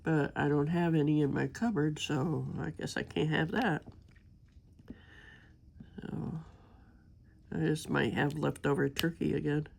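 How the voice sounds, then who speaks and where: An older woman with a gravelly voice and a sore throat from being sick, rambling in a homey, chatty way while she works on a craft. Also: sits low, steady tone, unhurried, long pauses. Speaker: crafting vlogger. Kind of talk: casual chat while diamond painting.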